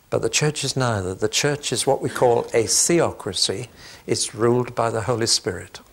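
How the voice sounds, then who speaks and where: An older man preaching a sermon, teaching through a Bible letter in a measured, emphatic way with touches of dry humor. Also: lowish voice, fairly bright tone, breathy edge.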